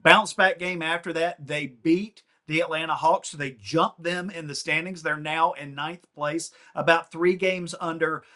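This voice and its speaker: Casting: middle-aged male co-host, slightly high, forceful bright voice, relaxed banter. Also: a little slow, hardly any pauses. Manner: nostalgic, easygoing, laughs along. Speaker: podcast co-host. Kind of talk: casual chat.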